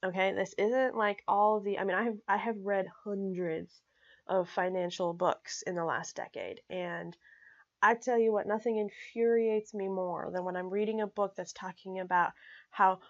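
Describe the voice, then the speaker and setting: An energetic woman teaching personal finance in a casual talk to camera, checking in often with her listeners and making her points bluntly. Her voice sits at a middle pitch and comes through a slightly dull, lo-fi recording. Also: normal speed. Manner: energetic, frequent "okay?" check-ins, blunt and emphatic.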